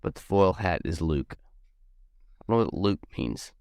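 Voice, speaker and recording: Man, low gravelly voice, dry close sound, rambling casual talk, video call. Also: expressive, measured pace, a little mellow, no room sound. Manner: rambling, restarts a lot while reading. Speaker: podcast co-host. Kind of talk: casual group chat.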